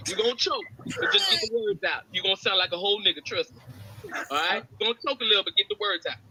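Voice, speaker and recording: A man playing a brash, cocky stoner named Craig in a comedy skit, trash-talking in fast roasts. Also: sits high, sing-song, background noise. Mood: coaching.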